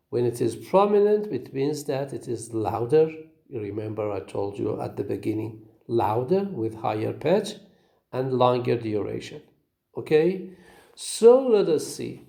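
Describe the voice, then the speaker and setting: Slow, animated male phonetics teacher. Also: medium pitch. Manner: slow, repeats words and asks "okay?". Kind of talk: recorded lecture.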